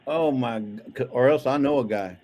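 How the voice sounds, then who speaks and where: A man's voice: mid-range voice, moderate pace, a little mellow. Rambling joking man. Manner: rambling, joking, frequent restarts. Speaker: livestream co-host. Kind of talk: casual livestream chat reading viewer comments.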